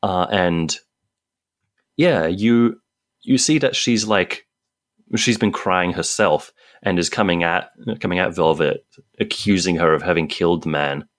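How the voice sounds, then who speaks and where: A man running a tabletop game as game master, narrating quickly and casually with many fillers. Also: deep voice.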